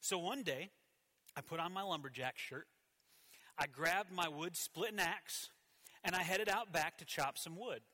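In a church, a pastor in his thirties shares a personal story during his sermon, his delivery swinging dramatically between loud and quiet. His voice leans high and he keeps a measured pace.

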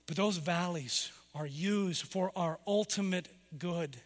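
A middle-aged man preaching a sermon, rising for emphasis and then dropping low and soft. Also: slow pace, long reverb tail. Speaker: pastor.

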